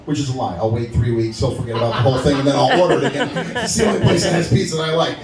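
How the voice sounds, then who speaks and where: A man in his forties doing a stand-up set at an open mic, animated as he tells stories and acts out phone calls. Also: fairly high pitch, racing, hardly any pauses, slight background noise. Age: 40s. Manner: animated storytelling, acts out phone calls, laughs at own jokes. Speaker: stand-up comedian. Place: stage at a live open mic. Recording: roomy venue sound from a distance.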